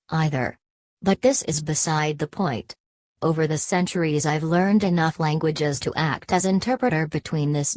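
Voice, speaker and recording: A woman reading an ancient, weary ghostly hunter for an audiobook. The voice sits low and steady, and the reading is calm and measured. The recording is close and dry. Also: no echo.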